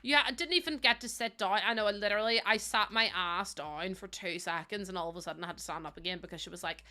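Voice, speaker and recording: A woman's voice: medium pitch, quick pace, few pauses, bright, forceful tone. A young woman, streaming a game and chatting casually with her viewers, teasing them and laughing often. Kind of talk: casual live-stream chat.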